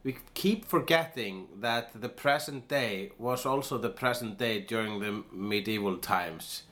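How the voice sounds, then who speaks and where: A man's voice: fairly low pitch, unhurried, a bit bright. A man from Iceland co-hosting a podcast, talking casually and playfully with many fillers and restarts. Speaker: podcast co-host.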